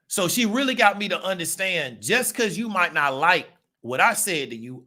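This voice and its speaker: A man's voice: on the high side, pushed and bright. A man, giving a casual monologue to his viewers and checking in with rhetorical questions. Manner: conversational, rhetorical "right?" check-ins. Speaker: channel host.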